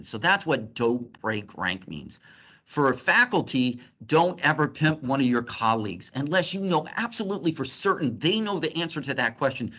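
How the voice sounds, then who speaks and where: A middle-aged man lecturing at grand rounds as a physician. His delivery is lively and laced with humor. He sits at an ordinary pitch for a man. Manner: lively, joking teaching tone.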